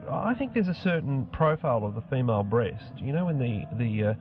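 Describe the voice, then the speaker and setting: Deadpan man on phone-like radio. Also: medium pitch. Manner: mock-serious, halting with many fillers. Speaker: band member on community radio. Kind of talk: deadpan comedic banter. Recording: phone-like radio audio with music.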